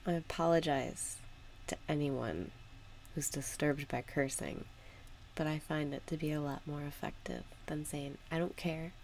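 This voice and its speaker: A woman guiding a meditation with calm, unhurried spoken instructions. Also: deep voice, slight background noise. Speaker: meditation guide. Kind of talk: guided meditation.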